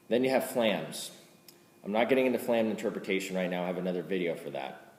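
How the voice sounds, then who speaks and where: A man teaching drum rudiments in a casual way, counting strokes aloud louder than he explains. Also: low-pitched, quick pace. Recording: roomy reverb with loud background noise.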